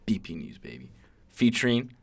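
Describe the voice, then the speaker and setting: Man, casual podcast banter, low voice, animated intonation. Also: moderate pace, creaky, slightly rough. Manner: laid-back, swears freely, tells stories through quotes. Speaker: podcast co-host.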